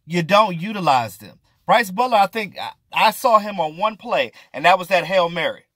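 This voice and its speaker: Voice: medium pitch, animated, normal speed, fairly bright tone, slight background noise. A sports vlogger ranting through casual, exasperated commentary, with slang and swearing, hammering points by repeating them.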